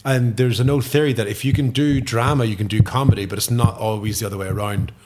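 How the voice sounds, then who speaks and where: An Irish man chatting as a podcast guest, animated and swearing freely, dropping into quick impressions. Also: fairly low pitch, a little hiss or hum. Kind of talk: casual chat.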